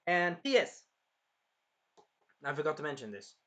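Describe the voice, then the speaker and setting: Male reviewer, loose rambling recap, higher-pitched, bright and forceful. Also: very animated, a little slow. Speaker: anime reviewer. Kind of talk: casual episode review.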